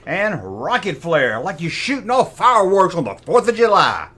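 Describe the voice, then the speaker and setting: Lively, bright-voiced man joking about toys. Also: sits high, moderate pace. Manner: jokey, sarcastic asides, mimics sound effects. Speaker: toy collector host. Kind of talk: comic toy review.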